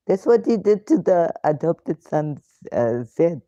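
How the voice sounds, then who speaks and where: A woman with a low, dark, sing-song voice speaks unhurriedly in a dry recording. She hosts a live Q&A as an ex-Muslim, emphatic and indignant, stacking rhetorical questions amid hesitant fillers and broken grammar. The stream audio is dull and lo-fi.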